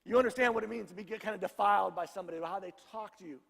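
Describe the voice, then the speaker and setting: High-voiced pastor in a reverberant hall. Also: male voice, very fast, gravelly, fairly bright tone, slightly rough. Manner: conversational, jokes with the congregation. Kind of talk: sermon. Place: church sanctuary.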